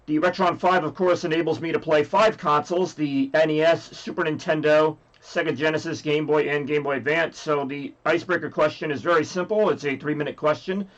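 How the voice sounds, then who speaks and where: A man's voice: a little high, steady tone, a little fast, few pauses, lo-fi sound. A man with a scratchy voice hosting a livestream, rambling casually and joking with chat. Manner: rambly, jokey, reads chat aloud. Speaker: livestream host.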